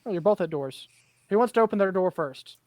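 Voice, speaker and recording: A man's voice: high voice, expressive, a little fast, darkish tone, no echo. A man running an online tabletop game as game master, narrating events in an easygoing, matter-of-fact way.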